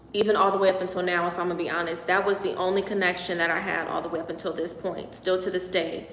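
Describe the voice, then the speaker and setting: A woman's voice: fairly low pitch, fairly bright tone, slight background noise. A young woman hosting a casual livestream, chatting at length and reading out and answering viewers' comments. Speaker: livestream host. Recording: echoey room with long reverb.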